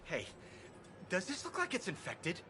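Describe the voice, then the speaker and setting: An excitable chatty fort worker. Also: male voice, high voice, unhurried, background noise, heavily acted. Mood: eager. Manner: eager, rambling, talkative. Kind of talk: video game dialogue.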